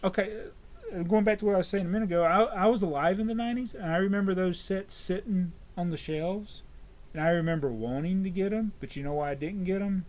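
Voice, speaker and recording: A man's voice: high voice, quick pace, a little mellow. A man in his thirties, hosting a casual chat and rambling through a list, often correcting himself. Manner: rambling, self-correcting, chatty collector. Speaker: host.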